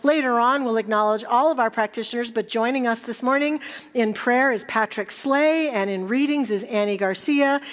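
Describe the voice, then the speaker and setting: A woman minister welcoming a church congregation and making announcements, chatty and joking, a little jet lagged. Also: on the high side. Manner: warm, joking, then reverent. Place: church sanctuary.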